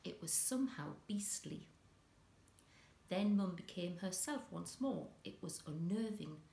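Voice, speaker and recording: Gravelly-voiced woman reading a children's story. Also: on the low side, unhurried. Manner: expressive, dramatic reading. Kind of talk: children's story read-aloud. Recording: echoey room.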